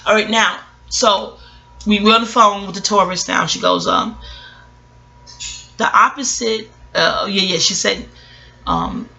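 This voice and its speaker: Bright-voiced rambling woman astrologer. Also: medium pitch, big pitch swings, unhurried, vocal fry, long pauses. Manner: rambling, digressive, blunt with profanity. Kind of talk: casual reflective monologue.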